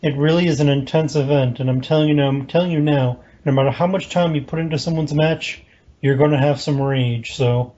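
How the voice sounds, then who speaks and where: A man hosting a podcast, firing off brisk questions in a casual chat. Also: a little high, fairly even intonation, warm tone, dull audio. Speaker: podcast host.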